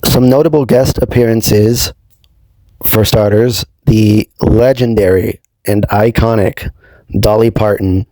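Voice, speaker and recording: Low, mellow-voiced young man chatting casually. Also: fairly even intonation, slow, no echo. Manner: hesitant, full of ums and you-knows. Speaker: YouTube host. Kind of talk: casual spoken recap.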